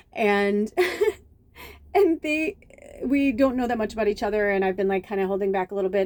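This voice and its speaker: A woman's voice: medium pitch, darkish tone, dry recording. A middle-aged woman, a medium, telling chatty, rambling stories in a casual spiritual vlog, full of restarts and fillers. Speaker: medium and tarot reader.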